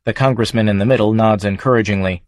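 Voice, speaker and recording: A man narrating an audiobook in a measured, even reading voice. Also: lowish voice, no room sound. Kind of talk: scripted narration.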